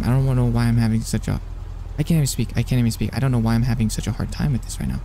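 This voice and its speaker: Rapid-fire and medium-pitched, this young man commentates on his gameplay live as a streamer, getting excitable and flustered, muttering to himself and repeating words again and again. A little hiss or hum sits under the audio.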